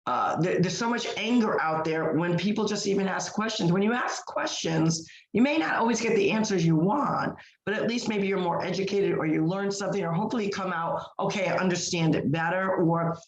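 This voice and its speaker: A fairly low-pitched woman talks fairly quickly with hardly any pauses, recorded in a muffled, echoey room. She's a podcast co-host telling a story in casual, emphatic conversation full of fillers and restarts.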